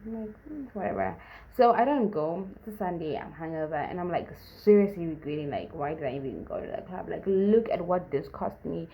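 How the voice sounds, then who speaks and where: A woman's voice: a little fast, highs cut off, a little hiss or hum. A young woman from Zimbabwe casually telling a storytime tale, acting out the other people's lines with big jumps in her voice. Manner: animated, acts out quotes with big pitch jumps. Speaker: vlogger.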